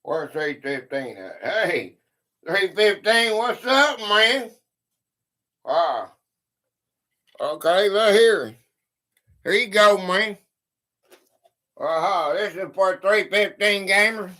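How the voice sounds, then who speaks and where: A man's voice: high voice, expressive, slow pace, long pauses, pushed and bright. A man hosting a casual live stream, chatting with viewers by name and reading out fortunes to them. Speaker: livestream host. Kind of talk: casual livestream chat.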